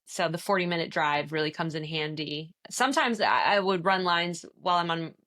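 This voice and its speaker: Actress guest, low-pitched, chatty, quick to laugh, mimics voices in her stories. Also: a bit bright. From American Midwest. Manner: chatty, laughs often, acts out quoted voices. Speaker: stage actor, interview guest. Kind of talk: casual interview chat.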